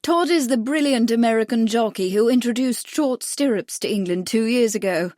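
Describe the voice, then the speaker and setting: A glamorous actress hostess talks in a bright, lifted, playful way, gracious and teasing, as a woman narrator voices her. The voice sits a little higher and livelier than the narration, and the sound is close and dry. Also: moderate pace, no echo, lightly acted.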